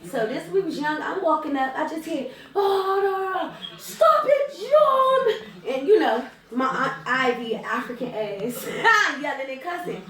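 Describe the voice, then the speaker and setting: A young woman with a Washington DC area accent, telling a storytime vlog in an animated, profane, slangy way and acting out the quotes. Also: sits high, moderate pace, hardly any pauses. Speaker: vlogger telling a story with her twin. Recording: echoey room, distant mic, crowd noise behind.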